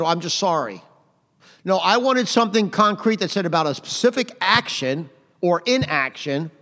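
A middle-aged man preaching a sermon in a conversational way, punching out phrases loudly and adding "amen". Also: sits high. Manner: conversational preaching with sudden loud emphatic phrases and frequent "amen". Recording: long hall reverb.

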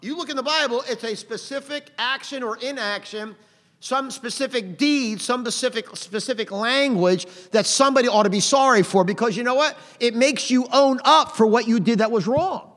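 A middle-aged man preaching a sermon in a conversational way, punching out phrases loudly and adding "amen". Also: very high-pitched, moderate pace. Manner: conversational preaching with sudden loud emphatic phrases and frequent "amen". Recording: long hall reverb.

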